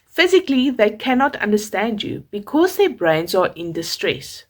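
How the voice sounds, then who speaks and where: Woman, South African accent, young adult, calm measured advice, scripted tips, expressive rise and fall. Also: medium pitch. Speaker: parenting vlogger, mother of a toddler. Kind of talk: scripted parenting tips to camera.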